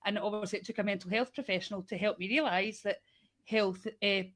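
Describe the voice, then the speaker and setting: A woman's voice: medium pitch, brisk, a bit bright. A woman on a podcast talking candidly about her own life, leaning a lot on casual fillers. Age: adult with an eight-year-old daughter. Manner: candid, personal, heavy use of fillers like "like" and "you know". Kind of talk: casual conversation.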